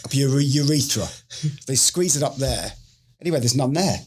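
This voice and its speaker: Husky British man telling a story. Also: mid-range voice, moderate pace. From United Kingdom. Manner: animated storyteller who acts out quoted lines. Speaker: guest, former special forces medic. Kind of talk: casual storytelling interview.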